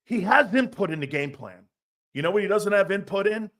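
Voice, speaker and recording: A man's voice: high-pitched, lively intonation, fairly quick, fairly bright tone. A middle-aged man hosting a casual sports talk show, brash and profane, laughing often as he riffs and reads viewer comments.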